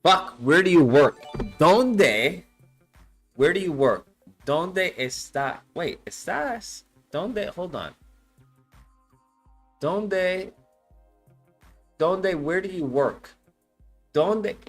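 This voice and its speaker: Slow-talking man practicing aloud, swearing. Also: high voice, animated, a bit bright, soft background music. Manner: swears a lot, thinks aloud, repeats words to practice. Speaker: streamer reacting to a language lesson. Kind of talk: casual live-stream chat.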